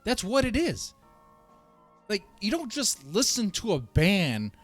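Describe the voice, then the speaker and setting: A man streaming a video reaction, ranting and swearing in a heated, animated way and laughing at himself. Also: high-pitched, slow pace, faint music behind.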